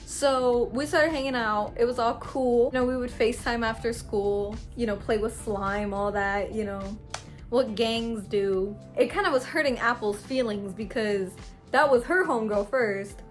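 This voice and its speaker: Young woman, story-time vlogger, slangy, animated, faint music. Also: a little high, normal speed. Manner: slangy, animated, dramatic swings in loudness.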